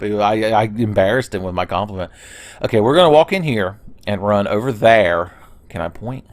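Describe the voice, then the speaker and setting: A man talking over a video game in a relaxed, rambling way, full of jokes and swearing. His voice sits on the low side. He drifts off topic in chatty asides. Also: dry recording. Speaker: let's play host. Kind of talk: casual gameplay commentary.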